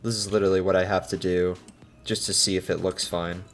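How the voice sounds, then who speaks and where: A man streaming himself editing a video, talking to himself in rambling casual chat that breaks into sudden loud outbursts. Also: low-pitched, little pitch movement, fairly quick, faint music behind.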